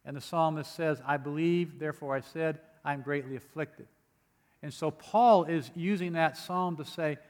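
A man's voice: fairly high pitch, moderate pace, a little mellow. A man preaching a sermon, earnest and emphatic, with occasional light humor between readings. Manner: earnest, emphatic preaching with rising bursts on key phrases. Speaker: pastor. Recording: long hall reverb.

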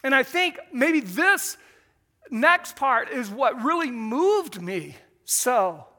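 An older man telling a story in an earnest, emotional sermon style, pausing as he speaks. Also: extremely high pitch, big pitch swings, pushed and bright.

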